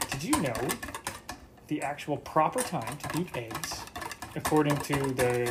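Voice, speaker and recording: This solo podcast finds a Canadian host in his kitchen making breakfast, joking around, rambling, and cursing a lot. His slightly high voice keeps a measured pace over a very noisy backdrop of clattering dishes and cutlery.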